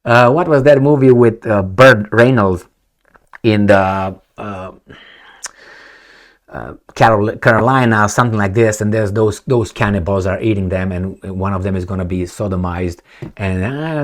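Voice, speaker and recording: A man's voice: on the low side, moderate pace. A man giving casual, rambling political commentary on his channel, sarcastic and swearing freely.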